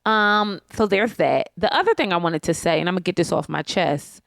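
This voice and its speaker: Ranting bluntly and swearing freely, a woman co-hosts a casual podcast chat from her living room couch at home. Her voice is fairly low and fairly bright, with vocal fry, expressive delivery and a normal speed. The recording is clean studio sound with no echo.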